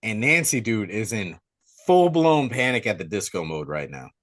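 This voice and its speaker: A young man hosting a podcast, retelling a movie plot in casual, excitable, slangy chat. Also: on the low side, normal speed. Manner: excitable storyteller, slangy, says dude a lot. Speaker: podcast host.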